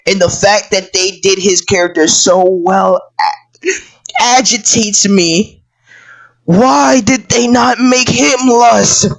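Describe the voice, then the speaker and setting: A video commentator ranting through a show review, breaking into yelled outbursts, stammering repeats and frequent swearing. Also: mid-range voice, slow pace, gravelly. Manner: profane and exasperated.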